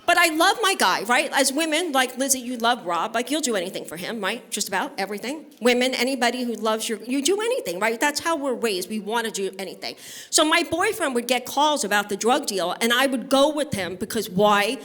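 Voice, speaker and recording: A woman's voice: fairly high pitch, lively intonation, fairly quick, a bit bright. A woman from Brooklyn, doing a brash, chatty stand-up set on stage with bawdy stories and crowd work. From Brooklyn, New York. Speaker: stand-up comedian. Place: on stage at a live benefit event.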